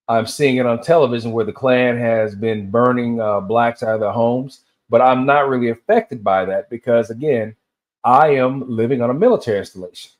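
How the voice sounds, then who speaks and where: A man in his fifties from Tennessee, rambling through a solo rant and telling loose stories that drift between tangents. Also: mid-range voice. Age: 50s. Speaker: vlogger.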